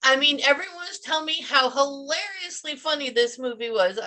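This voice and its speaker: A woman's voice: high-pitched, expressive, brisk, bright, forceful tone. A woman speaking as a guest on a radio interview, telling stories in an upbeat, chatty way.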